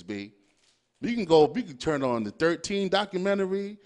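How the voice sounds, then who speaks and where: A young man with a high, lively voice holds forth in a loose, swearing podcast monologue. His pitch jumps all over as he fires off rhetorical questions and riffs on whatever comes to mind. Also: normal speed. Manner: animated, swearing freely, riffing with rhetorical questions. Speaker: podcast host. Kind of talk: profane casual monologue.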